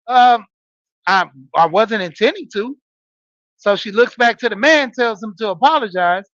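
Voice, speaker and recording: A man in his forties with a high voice talks straight to his listeners, telling a story in a loose, casual monologue full of "you know"s. The sound is dry and a little dull, with no room around it. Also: animated, normal speed, fairly bright tone, no echo. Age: 40s. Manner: storytelling, talking straight to listeners with frequent fillers. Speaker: podcast host and wrestling coach. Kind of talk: casual monologue, greeting live chat.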